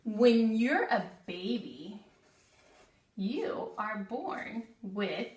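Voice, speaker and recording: A woman's voice: on the high side, lively intonation. A woman giving a lesson to first graders, drawing out her words and having the class repeat after her. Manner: slow, drawn-out, call-and-repeat teaching. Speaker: guest teacher. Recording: echoey room, voice from a distance.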